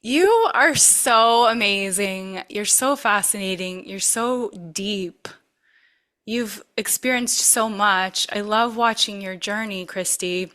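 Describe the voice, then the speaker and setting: A woman hosting a podcast with a bright, clear tone at a middle pitch. She chats casually and responds with warm, affirming enthusiasm. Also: slow pace. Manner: warm, affirming, gushing praise. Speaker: podcast host. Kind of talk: casual interview.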